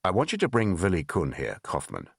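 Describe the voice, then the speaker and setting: A man voicing a curt, deep-voiced Soviet spymaster. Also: wildly swooping pitch, brisk, gravelly, dry recording, clean studio sound, full character voice. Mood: commanding. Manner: curt, commanding. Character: stern senior male Soviet intelligence officer.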